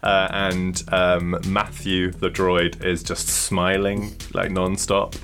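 A man narrates a tabletop game as game master, rambling casually with many fillers. His voice sits low but sounds bright and forceful, with faint music behind him. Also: completely flat delivery, takes it slowly. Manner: rambling, full of likes and uhs.

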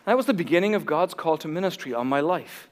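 An Irish man in his forties, a pastor telling his own story in a sermon with animated, self-deprecating humor. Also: on the high side, fast talker, big-room sound, a loud crowd, heavy background noise. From Ireland.

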